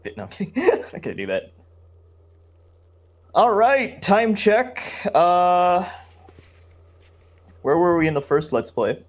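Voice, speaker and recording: A man's voice: high-pitched, very animated, slow, pauses often. Goofy, joking man in a gaming chat. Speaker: co-host. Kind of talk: casual gameplay chat.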